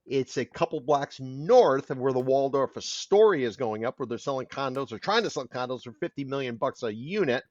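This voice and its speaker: A man's voice: mid-range voice, lively intonation, brisk, few pauses, a little mellow, dry recording, dull audio. A man hosting a casual podcast, wry and full of facts. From Miami. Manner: wry, fact-heavy storyteller. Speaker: podcast host, condo consultant.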